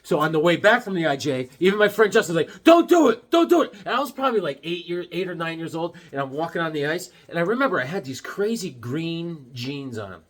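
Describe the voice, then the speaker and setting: Animated high-voiced man telling stories. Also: fast talker, hardly any pauses. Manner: animated, acts out voices and yelps mid-story. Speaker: comic collector vlogger. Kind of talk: casual storytelling while showing comics.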